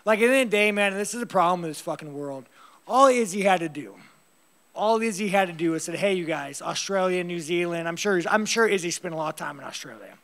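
A male fighter fields press conference questions bluntly and at length, rambling, swearing heavily, and laughing often. His voice sits high and sounds fairly bright, expressive, and quick.

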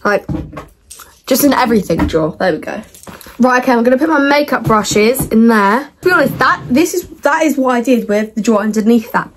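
A young woman with a fairly high voice chats away to her viewers while sorting her bedroom. She rambles and corrects herself mid-thought, in a loose, unscripted way. A faint hiss sits under her voice. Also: animated, brisk. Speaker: vlogger. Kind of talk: casual chat to camera.

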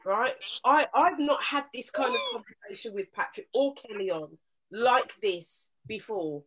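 A woman with a slightly high voice hosts a live relationship talk show over a video call. She chats with an easy, laughing manner and turns earnest when she presses her listeners to stay alert. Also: animated, measured pace, fairly bright tone, slightly rough, rough recording. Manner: chatty, laughs often, turns earnest and urging.

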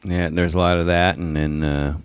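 Deep-voiced easygoing man chatting. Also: level tone, normal speed, clean tone, no room sound. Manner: easygoing, goofy asides. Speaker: podcast co-host. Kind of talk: casual chat.

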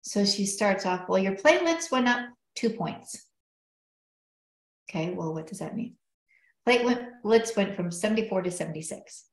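A woman's voice: medium pitch, lively intonation, moderate pace. A middle-aged woman earnestly telling a personal story in conversation, reflective and quoting others as she goes. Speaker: guest telling her story. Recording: roomy echo.

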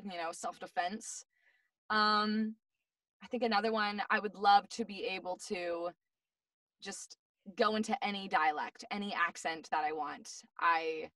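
A woman's voice: medium pitch, fairly bright tone, no room sound. A woman voice actress chatting as an interview guest, bubbly and gushing, often giggling. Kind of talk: casual interview chat. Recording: dry, slightly distant mic.

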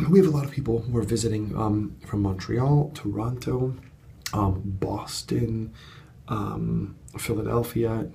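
A chatty man telling a story to camera in a casual home vlog, his lowish voice gravelly and mellow. He rambles along with plenty of fillers, and a faint hiss of room ambience sits behind him. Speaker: vlogger and course coach. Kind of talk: unedited casual vlog monologue. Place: home studio apartment at night.

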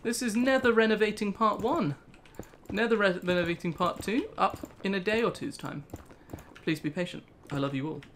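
With a British accent and a high, somewhat bright voice, a young gaming channel host chats casually through a let's play, meandering through a story with laughter at a moderate pace. Faint hiss or hum sits under the audio.

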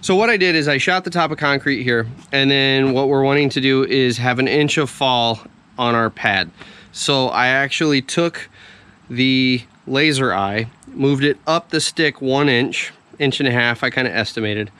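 A man's voice: mid-range voice, moderate pace, bright, forceful tone, clean tone. A man who runs heavy equipment, talking casually as he walks a building site, grumbling and explaining his work step by step. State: chewing a little. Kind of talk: casual walk-and-talk vlog.

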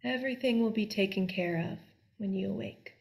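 A woman voicing a small, gentle magic doll in a told folk tale, speaking softly and soothingly. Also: mid-range voice, fairly quick, gravelly, lightly acted. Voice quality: soft, soothing. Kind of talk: storytelling.

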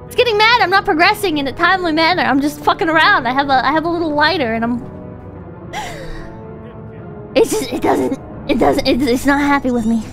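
Super high-pitched woman streamer, swearing and yelping while she plays, game music behind. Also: lively intonation, moderate pace. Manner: playful, exclamatory, swears freely. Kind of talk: casual gameplay commentary.

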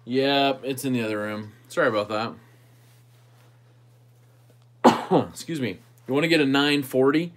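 A man's voice: mid-range voice, a little slow, pauses often. Easygoing man chatting with livestream viewers. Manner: easygoing, thinking aloud while tinkering with a knife. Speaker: host of a knife channel livestream. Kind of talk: casual livestream chat answering viewers.

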